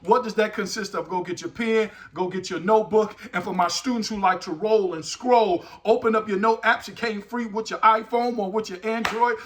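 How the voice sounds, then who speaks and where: A man giving an energetic motivational talk as host, full of punchy exclamations and call-outs. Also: sits high, moderate pace, few pauses. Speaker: motivational speaker.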